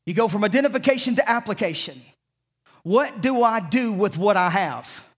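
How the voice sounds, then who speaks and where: Expressive and high-pitched, this man from the American South delivers a passionate sermon to a congregation in a church sanctuary at a moderate pace. With his Southern accent, he alternates loud declarations with softly spoken lines.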